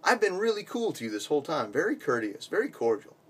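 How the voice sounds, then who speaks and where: A man voicing a veteran male champion racehorse who speaks gently and courteously. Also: a little high, sing-song, quick pace, husky. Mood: indignant.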